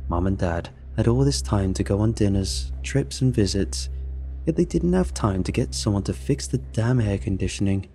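A man reading a first-person story in a steady, dry narrating manner. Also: fairly low pitch, moderate pace, a little hiss or hum.

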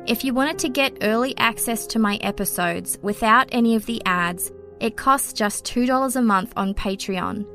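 A woman hosting a true crime podcast, reading her scripted narration in a measured way. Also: fairly high pitch, a bit bright, faint music behind.

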